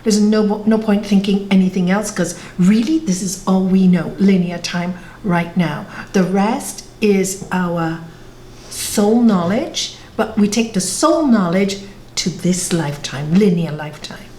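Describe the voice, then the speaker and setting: A woman's voice: mid-range voice, a little slow. A woman spiritual teacher answering audience questions on a video call, telling stories earnestly and correcting herself as she goes. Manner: storytelling, warm and earnest, with self-corrections. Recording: echoey video call room with faint noise.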